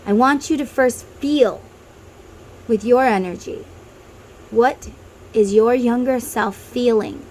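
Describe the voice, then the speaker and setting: A woman's voice: on the high side, slow pace, pauses often, darkish tone, a little hiss or hum, poor audio. A woman who reads tarot, talking casually to viewers and guiding them through an inner-child meditation, with chatty tangents. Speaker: tarot reader.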